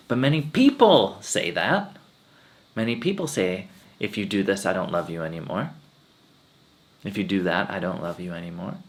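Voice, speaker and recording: A man's voice: low-pitched, gravelly. A man giving a spiritual talk, telling earnest personal stories and quoting his teacher. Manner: earnest storytelling, quotes his teacher in changed voices. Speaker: swami giving satsang.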